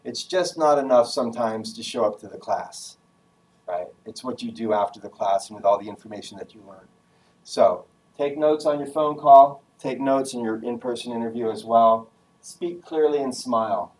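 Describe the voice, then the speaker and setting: A man giving a lively, casual talk to a class on job skills, joking and acting out phone voices. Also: mid-range voice, moderate pace, far from the mic, rough recording. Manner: energetic, casual, jokey, acts out phone voices. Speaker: guest speaker giving a career talk.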